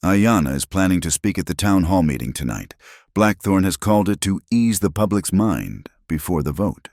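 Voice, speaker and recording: A man doing a sharp, unafraid woman doctor. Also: sits low, lively intonation, moderate pace, no room sound, studio quality, pitched above the performer's own voice, heavily acted. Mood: crisp. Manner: crisp, cutting, precise.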